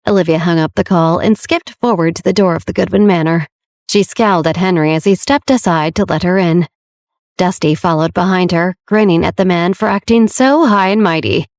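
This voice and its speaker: A woman narrates a romance audiobook in a steady, scripted storytelling voice. Her pitch sits on the low side. The sound is dry and close, with no room. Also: dry recording.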